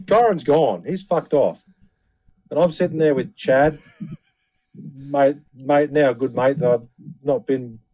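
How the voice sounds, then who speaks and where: A man's voice: medium pitch, warm tone, dry recording, highs cut off. A man telling a story in casual banter, swearing heavily. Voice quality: heavy swearing, laid-back.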